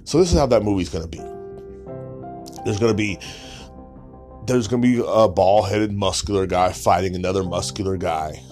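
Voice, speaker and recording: A man's voice: low-pitched, normal speed, long pauses, a little mellow, soft background music. A young man hosting a podcast, ranting in a crude, sarcastic, mocking way and swearing constantly. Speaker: podcast host. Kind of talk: profane comedic rant.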